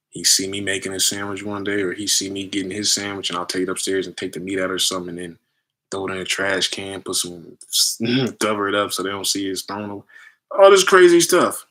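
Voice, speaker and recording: A man giving a casual spiritual talk, telling animated stories with loose slang and acting out other people in raised voices. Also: brisk. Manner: animated storytelling, acts out others in high voices.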